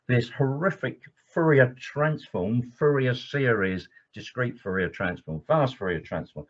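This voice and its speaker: His mid-range voice is slightly rough as he lectures in an engineering webinar. An eager trainer, he goes off on tangents and leans heavily on fillers. The sound is dull and lo-fi.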